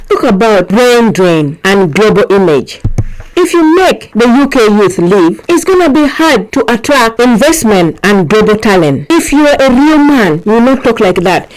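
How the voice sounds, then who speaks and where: A woman's voice: a little high, rough recording. A woman vlogger delivering an emphatic opinion rant to her viewers, repeating herself and firing off rhetorical questions. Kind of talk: opinion vlog rant to camera.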